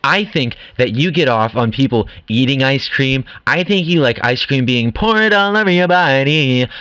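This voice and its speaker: A man's voice: medium pitch, expressive, moderate pace, a bit bright, dry recording, soft background music, close to an everyday voice, rough recording. A man voicing a flirty female singer contestant in a comedic audio drama, giggling through her guess.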